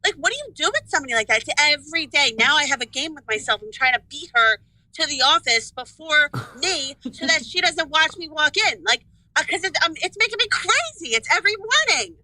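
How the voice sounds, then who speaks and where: Casting: a high, very bright woman listener, exasperated storyteller, dry close sound. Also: sing-song, a little fast, no room sound, rough recording. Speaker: listener sending a question. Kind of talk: recorded listener question.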